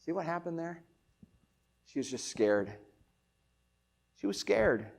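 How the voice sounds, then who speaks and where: A man preaching a sermon in a casual, conversational way, asking rhetorical questions and swinging between loud emphatic lines and quiet ones. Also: a little high, big pitch swings, slow, creaky. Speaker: pastor.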